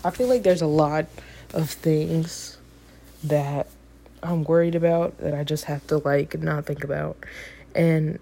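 A young woman in her late teens speaks in a low, mellow voice. She rambles casually to the camera and leans on constant fillers. Her asides are self-deprecating. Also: fairly even intonation, measured pace, gravelly. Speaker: student with a part-time job.

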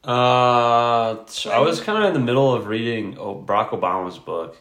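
A man's voice: mid-range voice, expressive, normal speed, a bit bright. A man co-hosting a podcast in casual chat, blunt and heavy on swearing and filler words. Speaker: podcast co-host. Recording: echoey room.

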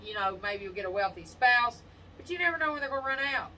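A woman with a bright, forceful voice trades blunt, profane stories in a casual chat, telling them with plenty of animation. She sits some way off the mic, and a faint hiss runs under her voice. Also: fairly high pitch, animated, quick pace. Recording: distant mic with faint noise.

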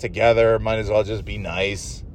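A man's voice: lowish voice, steady tone, moderate pace. A man hosting his own show, ranting in a profane, exasperated, rambling way while sitting in a car. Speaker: podcast host. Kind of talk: solo rambling rant.

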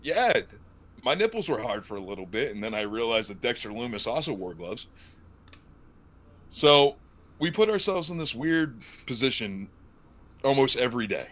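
Podcast co-host, male, bright forceful voice, animated and jokey. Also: mid-range voice, normal speed, pauses often. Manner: animated, jokey, rambling asides. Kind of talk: casual wrestling chat.

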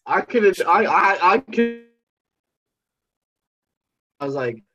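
A British man chatting casually as a podcast guest, joking and animated, over a remote call. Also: sits high, takes it slowly, dull audio, faint music behind. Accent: British English. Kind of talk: casual chat.

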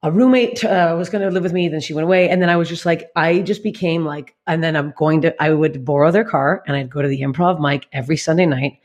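Woman comedian in her late 30s; rapid-fire, blunt, profane storyteller. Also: low-pitched. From Canada. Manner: blunt, swears constantly, animated retelling. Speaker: guest comedian. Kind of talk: candid podcast storytelling.

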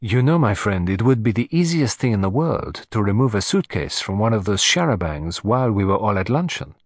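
A man's voice: lowish voice, very animated, no room sound, studio quality. A man voicing Hercule Poirot, pompous and theatrical. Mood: musing. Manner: pompous, playful, dramatic pauses. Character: vain, theatrical older male Belgian detective.

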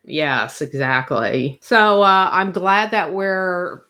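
Middle-aged woman, very low voice, podcast co-host, candid, emotional, laughs a lot. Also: takes it slowly, bright, forceful tone. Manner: candid and emotional, laughs often while talking. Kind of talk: casual chat.

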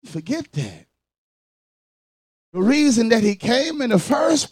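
A male pastor preaching a sermon, calling out to the congregation and swinging between shouted lines and quiet asides. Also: very high-pitched, sing-song, slow, pauses often, slightly rough, no room sound, studio quality.

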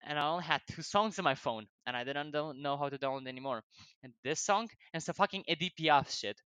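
Young man, non-native English accent, bright tone, dry close sound, profane, laughing, digressive. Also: on the high side, a little fast, smooth, no room sound. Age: young adult. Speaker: vlogger. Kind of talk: rambling casual storytelling.

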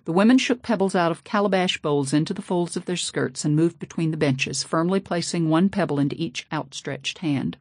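A woman narrating a novel in the first person, steady and low-key, close to the mic. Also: normal speed, hardly any pauses, no room sound. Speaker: audiobook narrator. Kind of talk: audiobook narration.

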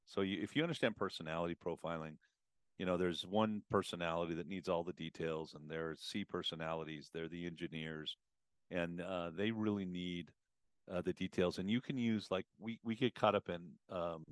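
A man talking as a guest on a podcast about customer communication, casual and animated, acting out customer conversations. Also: low voice, moderate pace, no echo, studio quality. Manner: animated, acts out customer and advisor exchanges. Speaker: automotive business consultant guest.

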